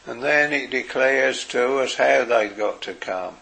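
A man preaching a sermon in an earnest way, dropping his voice softly for quoted words. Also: mid-range voice, creaky. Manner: slow, earnest preaching with soft, quiet quoted phrases.

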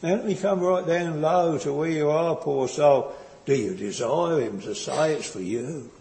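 A man preaches slowly and earnestly, his mellow, warm voice pausing and circling back over his words. His sermon rings with a long reverb, as in a large church hall. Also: on the high side, vocal fry, a little hiss or hum. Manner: slow, earnest, tender preaching with hesitant restarts.

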